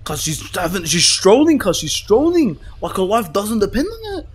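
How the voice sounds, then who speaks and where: Panicky young man yelling at a game. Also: sits high, huge pitch swings, normal speed, slightly rough. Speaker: gaming YouTuber. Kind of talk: horror game let's play.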